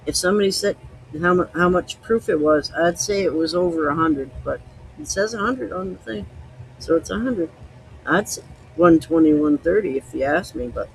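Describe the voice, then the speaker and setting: A man's voice: on the high side, creaky, a little hiss or hum, low-quality recording. A man hosting a podcast, chatting casually in a loose, rambling way while he tastes liquor. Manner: rambling, loose, easygoing storytelling. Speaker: podcast host.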